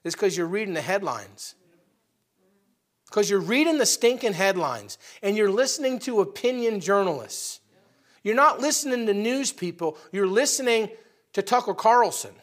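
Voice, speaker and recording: High, bright-voiced man preaching. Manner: animated, swings between loud outbursts and quiet asides; conversational preaching, addresses the congregation directly. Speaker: pastor. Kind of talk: sermon.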